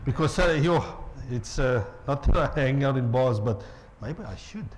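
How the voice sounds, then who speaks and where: Playful South African pastor, lively pitch. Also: male voice, normal speed. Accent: South African English. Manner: playful, jokes with the congregation. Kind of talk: lively sermon. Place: church.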